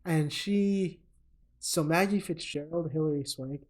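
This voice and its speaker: A man's voice: fairly high pitch, measured pace, a little mellow. Rambling male podcast co-host. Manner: rambling, filler-heavy storytelling. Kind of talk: casual comedic movie recap.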